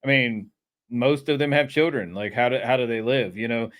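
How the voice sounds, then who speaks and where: A man's voice: mid-range voice, moderate pace. A man hosting a podcast, talking casually and repeating words as he works through his point. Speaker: podcast host. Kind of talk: casual conversation.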